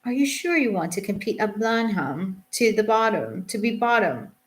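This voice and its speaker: A woman's voice: mid-range voice, very animated, moderate pace, natural voice. A woman reading a doubtful half-sister. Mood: skeptical. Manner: doubtful questioning.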